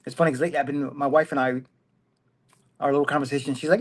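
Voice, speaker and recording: A man's voice: medium pitch, quick pace, long pauses. A middle-aged man hosting a casual commentary livestream from his phone, rambling and self-mocking, laughing often. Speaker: host.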